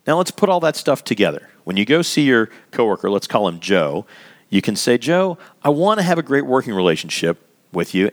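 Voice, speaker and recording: A man teaching a lesson in an animated, emphatic conversational way, stretching out key words for emphasis. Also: medium pitch. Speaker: workplace communication instructor. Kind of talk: instructional talk.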